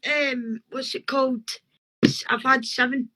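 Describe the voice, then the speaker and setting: A man's voice: very high-pitched, level tone, moderate pace, sharp tone, rough recording. A boy of twelve from Scotland with a Scottish accent, an amateur boxer answering eagerly on a live call-in interview. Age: 12-year-old boy. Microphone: phone or video call.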